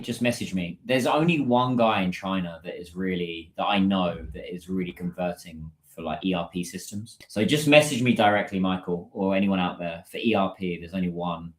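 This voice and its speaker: A British man with a low voice hosts a casual livestream, chatting with his viewers and answering their comments as they come in. His voice carries a roomy echo. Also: brisk. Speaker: livestream host.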